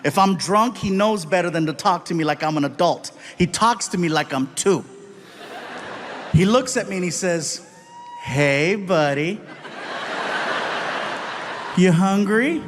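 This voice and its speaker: A male stand-up comedian tells stories in a high, lively voice. He is animated and slips into characters as he goes, with faint noise behind him. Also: normal speed. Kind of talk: stand-up storytelling.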